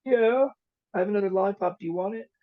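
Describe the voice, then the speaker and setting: A man's voice: high voice, fast, pitched above the performer's own voice, natural voice. A man voicing a sing-song adult who soothes a crying little girl with exaggerated baby-talk sympathy. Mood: cooing sympathy. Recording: dull lo-fi recording.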